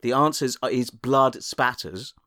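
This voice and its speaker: A man's voice: medium pitch, measured pace, sharp tone, no room sound, studio quality. A man improvising a comedy bit, bossily directing his co-host.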